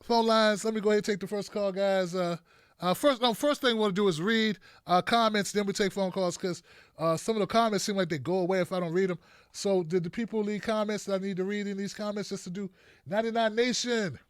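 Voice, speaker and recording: A man's voice: sits high, steady tone, a little fast, smooth, no echo, studio quality. A man hosting a live political commentary stream, talking bluntly and mockingly off the cuff. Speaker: host.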